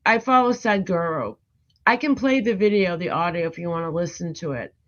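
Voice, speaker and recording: Earnest low-voiced woman, lo-fi sound. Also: fairly quick. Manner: earnest, explains a morning routine step by step. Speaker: livestream host. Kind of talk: casual livestream chat. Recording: dull lo-fi sound.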